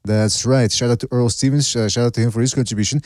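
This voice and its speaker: A man hosting a casual panel podcast, reading out chat shout-outs and trying to keep the panel in order. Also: mid-range voice, fairly even intonation, fast, no room sound, studio quality. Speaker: podcast host.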